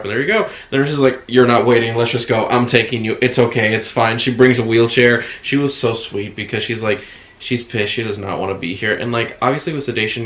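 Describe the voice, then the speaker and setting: A man casually retelling a hospital visit, acting out other people's words. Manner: animated retelling, acts out quotes with sudden high shouts. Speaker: vlogger recounting a hospital visit. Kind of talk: casual storytelling. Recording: echoey room.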